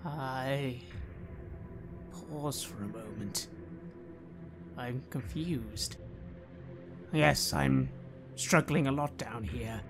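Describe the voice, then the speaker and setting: Man playing a gravelly, anguished scientist. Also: on the high side, a bit bright, heavily acted. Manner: halting, anguished, bursting into rage. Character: desperate widowed male scientist with a cane. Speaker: player. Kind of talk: in-character first-person roleplay.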